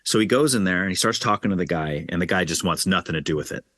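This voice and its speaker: A man hosting a casual podcast conversation about faith, telling stories with lively acted-out quotes. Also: low-pitched, quick pace, dry recording, clean studio sound. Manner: animated storyteller, acts out quoted voices. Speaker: podcast host.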